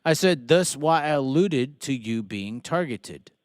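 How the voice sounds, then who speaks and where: A man's voice: mid-range voice, animated, unhurried, clean tone, dry recording, clean studio sound. A man hosting a live-stream talk, speaking bluntly, swearing freely and stammering on restarts. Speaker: podcast host. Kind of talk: casual live-stream talk about racing.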